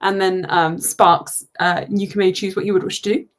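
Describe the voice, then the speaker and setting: A woman's voice: medium pitch, flat delivery, moderate pace. A woman narrating as game master of a tabletop role-playing session, casual and laughing often between lines.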